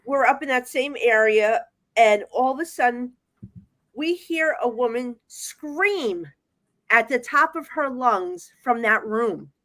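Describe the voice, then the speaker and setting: A woman with a New Jersey accent, a psychic medium guest telling ghost stories in casual chat, animated and acting out the voices she quotes. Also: on the high side, slow pace, no room sound.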